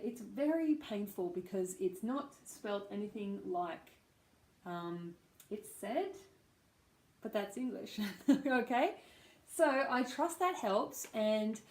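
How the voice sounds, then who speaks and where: Aussie woman doing a slow patient accent lesson, echoey room. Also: medium pitch. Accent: Australian. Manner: slow, patient, demonstrating sounds. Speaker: accent coach. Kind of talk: pronunciation lesson.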